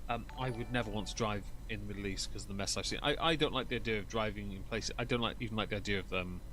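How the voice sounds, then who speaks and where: A man's voice: fairly low pitch, very fast, fairly bright tone, slight background noise. A man giving casual video commentary, hesitant and full of fillers.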